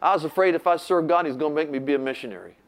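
A man's voice: fairly high pitch, very fast, a little hiss or hum. Older male preacher telling stories. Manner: animated retelling, acts out quoted voices. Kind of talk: sermon storytelling.

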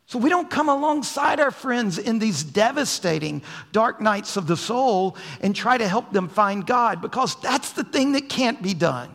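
A male pastor preaching a sermon, dropping to soft low asides and then rising to raised, emphatic lines. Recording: long hall reverb.

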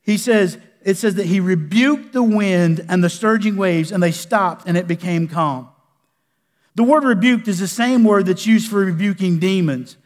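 A male pastor preaching a sermon in a folksy way, dropping to a hush and rising to loud bursts. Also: high voice, moderate pace. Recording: echoey hall with long reverb.

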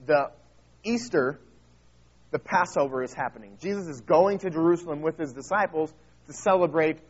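An earnest American preacher with a slightly raised pitch, teaching his congregation with emphatic bursts and frequent restarts. The sound is somewhat muffled and lo-fi, like a modest church recording. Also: moderate pace, husky. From United States. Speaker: pastor. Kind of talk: sermon.

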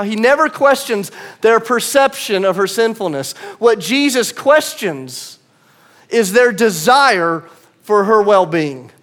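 High-voiced man preaching a sermon. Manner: conversational, swings from quiet to emphatic. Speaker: pastor.

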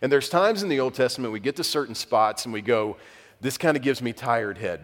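Pastor preaching in a reverberant hall. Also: male voice, mid-range voice, expressive, fairly quick. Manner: conversational, self-deprecating storytelling. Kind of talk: sermon. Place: church sanctuary. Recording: long reverb of a church hall.

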